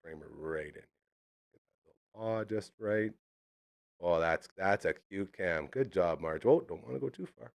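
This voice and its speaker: A man's voice: low-pitched, unhurried, creaky, long pauses. A man hosting a live podcast in a rambling, jokey, upbeat way. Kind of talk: casual live show chat.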